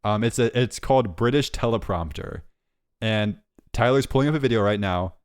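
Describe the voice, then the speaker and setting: A man's voice: on the low side, moderate pace, clear, resonant tone, no echo, clean studio sound. A man co-hosting a podcast in casual chat, teasing and mocking his co-host.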